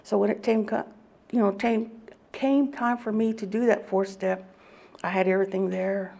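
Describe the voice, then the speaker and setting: A woman giving an animated personal testimony at a recovery meeting, laughing often as she tells it. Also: mid-range voice, moderate pace, vocal fry. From Oklahoma.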